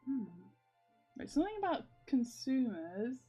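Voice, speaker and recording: A woman's voice: high-pitched, very animated, a little slow, mellow, husky, faint music behind. Rambling young woman on a stream. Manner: rambling, full of fillers, laughs often. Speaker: comic artist streaming. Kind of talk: casual livestream chat.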